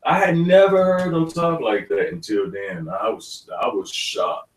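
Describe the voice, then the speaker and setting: A man, an actor guest in an interview, telling stories in a lively way and laughing often. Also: medium pitch, unhurried. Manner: animated storyteller, laughs often. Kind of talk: casual interview talk. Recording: roomy studio, mic at a distance.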